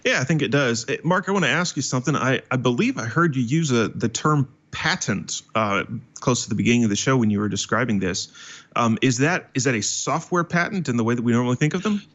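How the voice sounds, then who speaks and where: A man's voice: medium pitch, lively intonation, fast, fairly bright tone, lo-fi sound. A man hosting a tech podcast, asking careful questions with some hesitation. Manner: thoughtful, hesitant questions with fillers. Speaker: podcast host. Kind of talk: interview questions.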